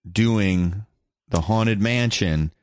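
Lower-voiced easygoing co-host. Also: male voice, very slow, smooth, dry recording, clean studio sound. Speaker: podcast co-host. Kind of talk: casual chat.

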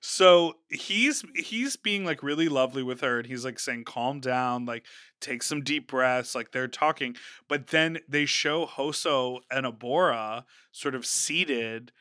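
A man co-hosting a casual podcast chat, recapping a reality show and acting out quotes with animated energy. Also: mid-range voice, clear, resonant tone, dry recording, studio quality. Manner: animated, quick to act out quotes. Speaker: podcast co-host.

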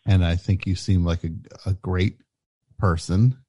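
Male comedy host, deep and mellow, halting and over-apologetic. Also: steady tone, no room sound. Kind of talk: comedy call-in radio.

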